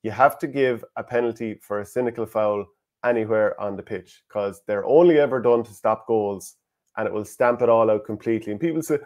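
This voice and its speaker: A man's voice: lowish voice, a little fast, a little mellow. A man with an Irish accent co-hosting a casual sports podcast, who gives firm opinions and reads out listener comments. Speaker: podcast co-host.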